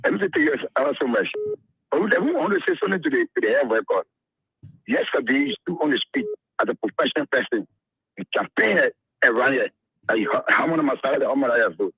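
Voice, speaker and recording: Husky man on a phone line. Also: medium pitch, big pitch swings, fast talker, no echo. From Liberia. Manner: emphatic, stumbling repeats. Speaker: caller.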